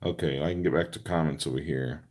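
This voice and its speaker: A man with an extremely low, steady voice hosts a card-making livestream, talking fast and a little mellow. He chats casually while he works, gushing earnestly, answering viewers' comments by name and narrating each step as he does it.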